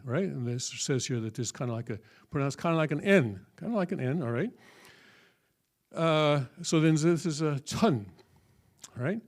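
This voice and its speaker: A man teaching a classroom lesson in a folksy, halting way, often checking with the room. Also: on the high side, a little mellow. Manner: folksy, full of fillers and checking "okay?". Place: church hall.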